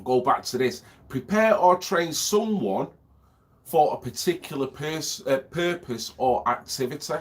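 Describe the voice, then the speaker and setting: A man's voice: a little high, animated, measured pace. A man, a vlogger with a lingering cough, rambling and ranting, swearing freely and asking if you know what he means. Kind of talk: rambling monologue.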